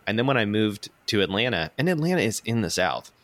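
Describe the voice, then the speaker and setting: A man's voice: on the low side, sing-song, fast talker, a bit bright, no room sound. A young man from Florida, chatting casually as a podcast host, rambling with many fillers and a self-mocking tone. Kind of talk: casual chat.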